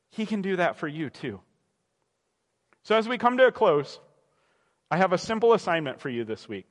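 Young man, pastor, conversational sermon, high-pitched, reverberant hall. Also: very animated, normal speed, pauses often. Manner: conversational, self-correcting, acts out quoted voices.

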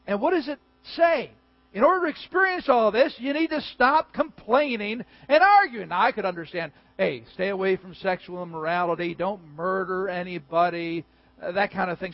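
A man preaching a sermon as a pastor, animated and emphatic with joking asides. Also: high voice, vocal fry, no room sound. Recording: dull, dry recording.

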